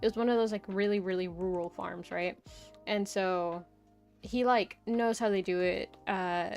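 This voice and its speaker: A woman's voice: medium pitch, steady tone, moderate pace, creaky, soft background music. A young woman streamer chatting casually, rambling through a story with lots of "like" and "right?".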